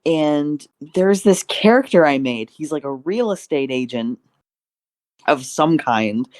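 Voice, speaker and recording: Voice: medium pitch, animated, slow, a little mellow, no echo. A podcast guest in casual chat, chatty and laughing often.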